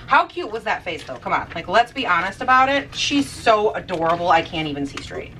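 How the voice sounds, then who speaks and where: A woman's voice: medium pitch, big pitch swings, a little fast, a bit bright, far from the mic, slight background noise, low-quality recording. A young woman vlogging in her kitchen while she bakes, talking in a sassy, chatty way with casual swearing. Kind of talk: casual chat while baking. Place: home kitchen.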